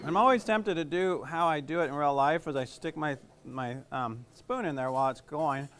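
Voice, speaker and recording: Chatty, rambling chef, a somewhat high man. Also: moderate pace, background noise. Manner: chatty, rambling, jokes at himself. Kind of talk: casual cooking demonstration.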